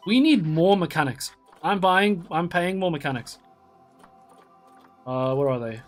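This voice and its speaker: Man, live streamer, casual rambling chat, swears a lot, slightly high voice, faint background music. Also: lively intonation, measured pace. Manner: chatty, rambling, swears often, many restarts.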